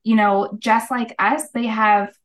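A woman's voice: on the high side, steady tone, slow pace, poor audio. A middle-aged woman, a guest on an interview show, telling her story in an earnest, casual way and acting out the voices of people she quotes. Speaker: guest, holistic practitioner.

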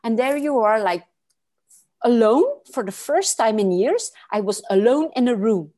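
A woman's voice: fairly high pitch, expressive, unhurried, dark tone. A woman in her late forties, a guest telling a personal story in an earnest, emphatic way, with many fillers and restarts.

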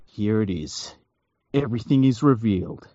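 Man, co-host, lively voice that swings around, acts out lines, dry lo-fi recording. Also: on the low side, normal speed, no echo. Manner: animated, acts out scenes in voices. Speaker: podcast co-host. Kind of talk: casual movie-watching chat. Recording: dry, dull lo-fi audio.

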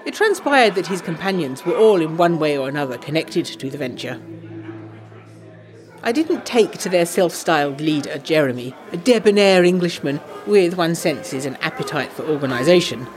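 A woman narrating a letter in an audio drama, eager and gossipy with quick asides. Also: low voice, animated. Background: jazz music.

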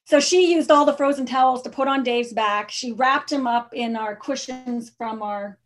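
A woman's voice: high voice, moderate pace. Chatty woman telling a travel story. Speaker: travel blogger guest. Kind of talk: conversational storytelling.

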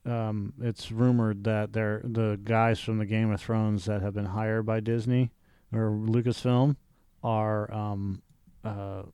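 A man co-hosting a casual chat podcast, talking with profane, animated energy. His voice is mellow and smooth, and it sits close and dry on the mic with no room sound. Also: lowish voice, slow pace, no room sound. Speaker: podcast co-host.

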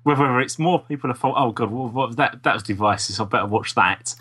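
A man co-hosting a podcast, calmly reasoning through points in casual chat. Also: mid-range voice, fast, breathy edge. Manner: reasoned, explains at length. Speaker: podcast co-host.

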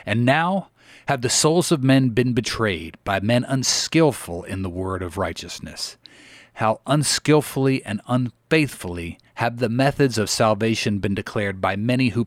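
A man delivers an old-style sermon in a solemn, measured cadence, rising into earnest pleas. His pitch sits in an ordinary middle register. The sound is dry and close, with no room around it. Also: no echo. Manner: earnest, measured preaching cadence with pleading exclamations. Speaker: reader of historical sermons.

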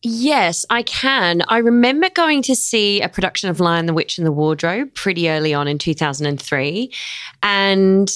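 A woman in her thirties from England, a stage performer and producer, telling stories in a casual interview with lots of laughter and acted-out quotes, her English accent softened by years in Australia. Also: mid-range voice, normal speed, clean tone. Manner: animated storyteller, laughs often, acts out quoted voices.

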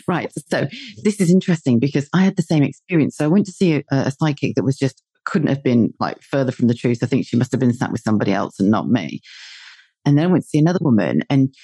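A woman's voice: rumbling low, expressive, fast, mellow, breathy edge, dry recording, studio quality. A woman in her forties from the UK, a podcast host chatting casually in a blunt, sweary way and laughing often. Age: 40s. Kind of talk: casual chat.

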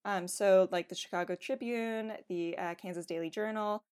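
A woman's voice: medium pitch, fairly even intonation, moderate pace, darkish tone, clean tone. A woman with a mid-range voice talks through her research on a casual podcast. Her speech is loose and conversational, with "like" scattered through every sentence. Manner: chatty, filler-heavy with frequent "like". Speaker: podcast co-host presenting research. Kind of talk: casual chat.

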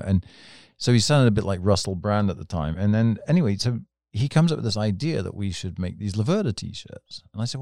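A man with a very low, dark, mellow voice, telling long rambling stories in a podcast chat. He talks up close on a dry mic. He is animated and laughs often as he goes. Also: brisk, creaky, hardly any pauses, dry recording. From England. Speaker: storyteller, podcast guest. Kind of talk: casual anecdotal storytelling.

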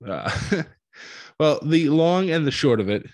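A man recapping a wrestling show in a casual, animated storytelling way, acting out what people said. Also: on the high side, measured pace, no room sound. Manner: animated storytelling, acts out quotes.

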